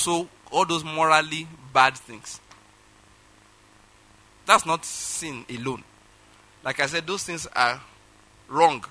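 Animated pastor preaching. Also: male voice, on the high side, poor audio. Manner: animated storytelling, acts out phone calls, laughs often. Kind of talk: sermon with personal story.

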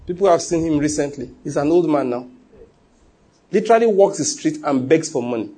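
A middle-aged man preaching a sermon, telling stories with animated quoted voices and frequent laughs. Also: on the high side, a little fast, husky. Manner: animated storytelling, laughs often, acts out quotes. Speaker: pastor.

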